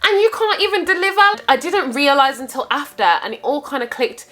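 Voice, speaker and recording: A young woman telling a casual storytime to her viewers, animated and exclaiming often, with frequent laughs. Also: high-pitched, a little fast. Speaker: vlogger.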